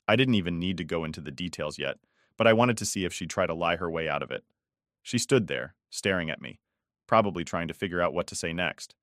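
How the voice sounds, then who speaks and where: Low-voiced man narrating a story. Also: animated, fairly bright tone, dry recording, studio quality. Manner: measured, cold and restrained storytelling. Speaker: first-person story narrator. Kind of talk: scripted first-person story narration.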